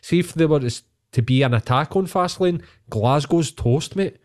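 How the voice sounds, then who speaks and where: A man's voice: on the high side, moderate pace, a little mellow. A man with a Scottish accent on a casual podcast, ranting and swearing heavily.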